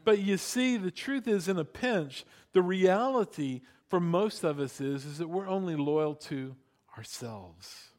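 A pastor preaches with a high, bright tenor, bringing his stories to life by voicing the people in them. He hammers key points home by repeating them slowly and deliberately. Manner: animated storytelling, acting out quotes; emphatic repetition. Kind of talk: sermon.

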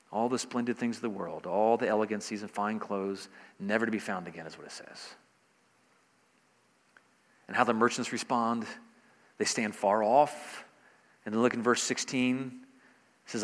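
A man's voice: mid-range voice, in a large hall. A man preaching a sermon, pressing each point with rising emphasis and repeated phrases. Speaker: pastor.

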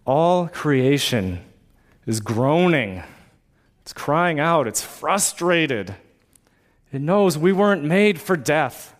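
Preacher man with a higher voice. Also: very animated, slow. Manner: builds to fervent exhortation with rhetorical questions. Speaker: pastor. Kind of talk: sermon.

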